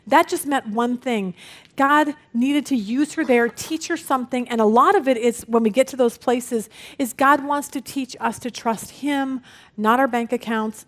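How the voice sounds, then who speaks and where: A woman in her forties teaching a women's Bible study, telling stories with lively energy and acting out the people in them. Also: a little high, moderate pace. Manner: lively storytelling, acts out quoted people.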